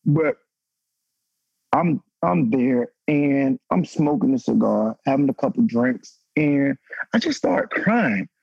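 A man's voice: expressive, takes it slowly, creaky, darkish tone, slightly rough, no room sound, lo-fi sound. A man in his thirties, a former football player, telling a raw, emotional story on a podcast panel and swearing freely. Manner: raw, emotional, profane, pitch climbing when stirred.

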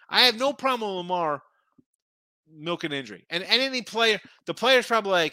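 High, bright-voiced betting show host. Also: male voice, sing-song, fast, no room sound. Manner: rambling, opinionated, with frequent restarts. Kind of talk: casual sports betting talk.

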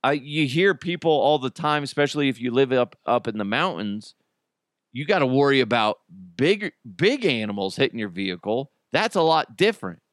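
A man's voice: medium pitch, animated, normal speed, no room sound, studio quality. A man hosting a podcast, riffing on news stories in a blunt, profane, laughing way. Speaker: podcast host. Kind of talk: casual news commentary.

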